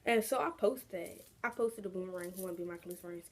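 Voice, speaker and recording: A woman's voice: on the low side, fairly quick. Young woman telling a story, chatty and slangy. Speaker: vlogger. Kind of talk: casual storytime vlog.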